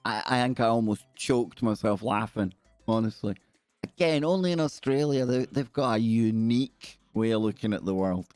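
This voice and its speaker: A man's voice: lowish voice, lively intonation, normal speed, a little mellow, smooth, no room sound, faint music behind. A Scottish man hosting a live stream in casual, jokey, rambling chat. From Scotland.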